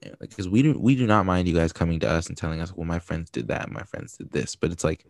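A man's voice: sits low, animated, fast, vocal fry, dry recording, studio quality. A man co-hosting a podcast, giving frank, supportive advice in casual chat full of fillers. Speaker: podcast co-host.

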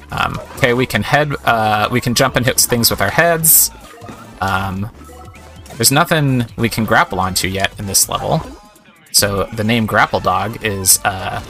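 A man's voice: medium pitch, bright, forceful tone. A man giving casual, chatty gameplay commentary, amused and thinking aloud as he plays. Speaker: let's-play host.

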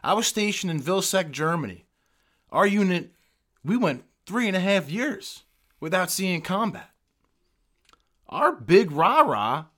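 A man, an army veteran, telling profane, animated stories in a casual chat. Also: high-pitched.

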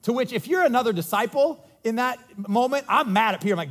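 A man with a fairly high voice delivers a sermon as a pastor. He retells scripture in an animated, conversational way, slipping in casual asides. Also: fast talker. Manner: conversational, animated storytelling with quips.

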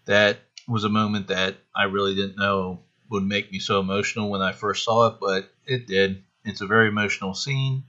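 Man, podcast host, chatty, rambling, slightly low voice, muffled lo-fi sound. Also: steady tone, normal speed, few pauses, sharp tone. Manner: chatty, rambling, self-deprecating. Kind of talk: casual solo podcast.

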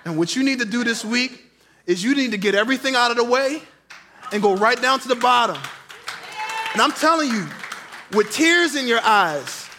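A man, a pastor, preaching a sermon in an animated storytelling way, swinging from loud, passionate lines to hushed asides. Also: very high voice, brisk, long pauses, a faint crowd, a little hiss or hum.

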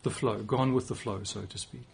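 A man's voice: medium pitch, steady tone, moderate pace, creaky, a little hiss or hum. A man in his forties with a South African accent, giving a conversational sermon with occasional restarts and light self-deprecating humor. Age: 40s. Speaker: preacher.

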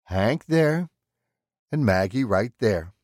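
A man voicing a calm, polite killer in an audiobook, speaking in a precise, mannered and coolly threatening way. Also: fairly low pitch, slow, dry recording, clean studio sound, pitched above the performer's own voice. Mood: menacing. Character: calm, menacing male killer, polite and unhinged.

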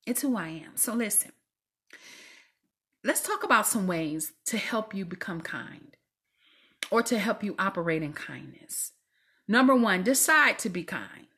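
A woman hosting a faith-based podcast, speaking in a preachy, exhorting way and often dropping into soft whispers. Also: medium pitch, breathy edge. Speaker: podcast host.

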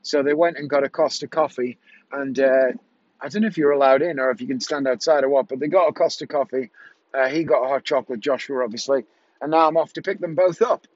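A man's voice: medium pitch, fast talker. A middle-aged man from England, a magician chatting casually in a vlog, rambling and correcting himself as he goes. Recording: dull lo-fi dry sound.

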